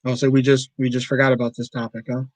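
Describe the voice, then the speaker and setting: A man's voice: mid-range voice, completely flat delivery, quick pace, dry recording, rough recording. A man hosting a casual livestream, rambling and swearing a lot as he talks to his viewers. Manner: rambling, profane, easily riled. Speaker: livestream host.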